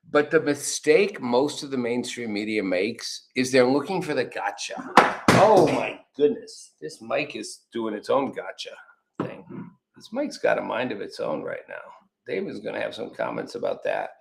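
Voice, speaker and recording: The host of a political commentary show, a man with a medium-pitched voice and vocal fry, talks casually and rambles. He swears freely and acts out the quotes he cites.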